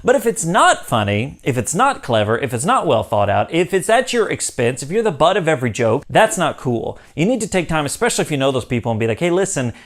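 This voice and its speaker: A young man talks straight to the camera in his own channel's relaxed, chatty style. His voice sits a little high for a man and swings up and down a lot. He sounds upbeat, laughs easily and slips into playful voices for the lines he quotes. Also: fast talker, hardly any pauses. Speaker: YouTube host. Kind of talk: casual talk to camera.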